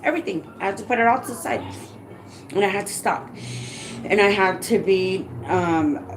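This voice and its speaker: A woman who works as a home care provider, earnestly telling her viewers a personal story in a halting way, often dropping to a soft, hushed voice. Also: mid-range voice, slight background noise, poor audio.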